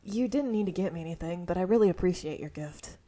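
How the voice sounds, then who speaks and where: A soft-spoken, bookish young man from a dating game, gentle and a little awkward, voiced by a woman reading along. His voice sits slightly low and mellow, never forceful. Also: quick pace, close to an everyday voice. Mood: earnest. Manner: soft-spoken, earnest, gets passionate about books.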